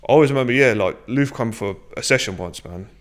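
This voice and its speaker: A man's voice: medium pitch, quick pace. A man, a strength and conditioning coach, talking casually and bluntly on a podcast, swearing freely and acting out conversations. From England.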